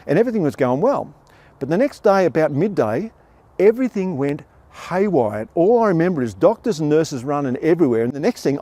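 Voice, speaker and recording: A man's voice: fairly high pitch, dark tone. An older man with an Australian accent telling his own life story on stage with wry, self-deprecating humour. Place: theatre stage before an audience.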